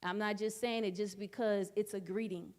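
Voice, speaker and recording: Woman, church study speaker, earnest testimony that repeats key phrases, mid-range pitch. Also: fairly even intonation, normal speed, a little mellow. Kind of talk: personal testimony talk.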